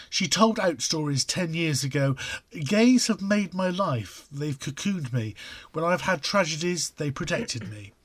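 A man co-hosting a radio show who reads the news bulletin at a measured, steady pace. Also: fairly high pitch, dry recording. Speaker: radio co-host and newsreader. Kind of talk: casual chat and read news bulletin.

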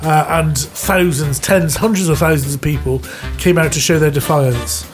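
A man co-hosting a podcast, going over news in a measured way with uhs. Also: on the high side. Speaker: podcast co-host. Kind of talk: news chat. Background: music.

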